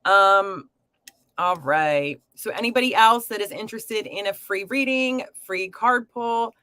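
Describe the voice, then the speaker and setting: Running a live tarot stream, this woman talks to her viewers in a chatty, warm way, leaning heavily on fillers and pet names. She speaks at medium pitch and an unhurried pace, with no echo.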